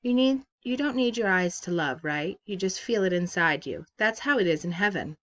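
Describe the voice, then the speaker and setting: A woman reading aloud, voicing a tired mother who soothes her son in a hushed voice. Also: lowish voice, animated, moderate pace, highs cut off. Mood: soothing.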